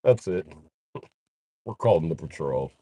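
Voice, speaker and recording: Animated, profane man on a livestream. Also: a bass voice, a little slow, breathy edge, no echo. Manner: profane, joking, laughs often. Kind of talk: casual livestream rambling.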